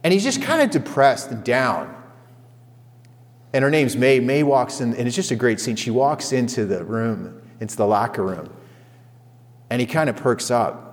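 A man's voice: mid-range voice, normal speed, long pauses. Conversational male pastor in a reverberant hall. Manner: storytelling, conversational, animated retellings. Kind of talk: sermon to a men's group.

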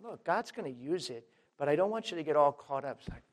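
A male preacher with a somewhat high voice delivers a sermon in a loose, conversational way. He talks straight to his listeners, calling them folks, and his volume rises and falls for emphasis. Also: animated, fast talker. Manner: conversational, emphatic, swings between loud and quiet; addresses listeners directly as folks.

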